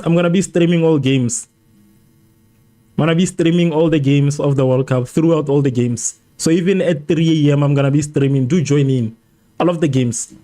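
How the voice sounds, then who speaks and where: South African male streamer, warm slightly high voice, excitable and repetitive. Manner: excitable, repeats phrases over and over. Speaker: livestream host. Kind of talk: live football watchalong, reading chat.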